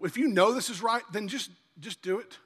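A man's voice: sits high, moderate pace, fairly bright tone, breathy edge. A man preaching a sermon in a church, telling a folksy story. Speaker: pastor. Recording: long church-hall reverb.

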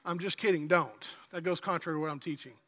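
A man preaches a sermon in a relaxed, folksy manner, mixing humor into his teaching. His voice sits high and sounds bright and sharp. A long hall reverb trails behind him. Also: fast. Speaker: pastor.

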